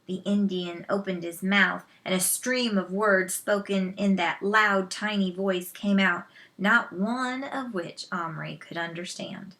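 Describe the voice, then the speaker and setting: A woman reading a children's novel aloud, slow and measured, with soft asides to listeners. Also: medium pitch. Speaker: storyteller.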